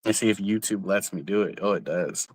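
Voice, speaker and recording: Outdoors on a casual livestream, a young man from San Jose, California, rants in a lowish, husky voice at a brisk clip. He's blunt and profane, hammering the same points again and again. The audio is dry and close-miked with hardly any room echo.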